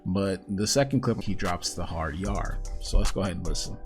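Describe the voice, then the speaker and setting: Host, male, low-pitched, blunt irritated rant to camera, soft music underneath. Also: animated, brisk. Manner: blunt, irritated, swears, addresses viewers as guys. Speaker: commentary host. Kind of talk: casual ranting commentary.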